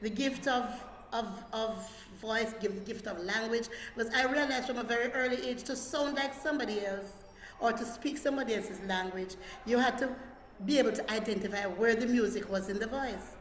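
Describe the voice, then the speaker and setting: A woman on a panel telling stories in a lively, playful way, laughing as she talks. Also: a little high, normal speed. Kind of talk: casual panel chat. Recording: roomy hall, faint background noise.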